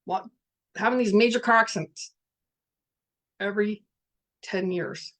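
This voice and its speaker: A middle-aged woman serves as a workshop facilitator, giving a spiritual talk in an earnest, blunt way. Her voice is medium-pitched and a bit bright, her pace slightly slow, and she speaks candidly, swears, and reads out participants' messages.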